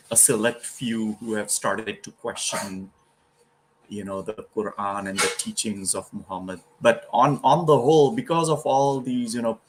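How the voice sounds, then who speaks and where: A man's voice: lowish voice, poor audio. Indian-accented man chatting casually. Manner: laughs easily, many fillers like "you know". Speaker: host. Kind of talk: casual conversation.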